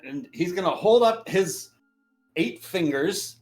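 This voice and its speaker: A man running a tabletop game as game master, lively and easily amused. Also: sits high, slow pace, soft background music. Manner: lively, laughing.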